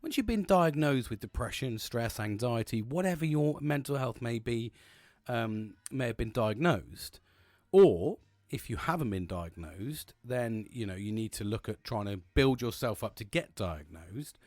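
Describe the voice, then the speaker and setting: A man's voice: medium pitch, animated, measured pace, darkish tone, dry recording, clean studio sound. A man hosting a solo podcast, talking candidly and bluntly in a rambling, casual way, swearing freely and often restarting his sentences. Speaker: podcast host.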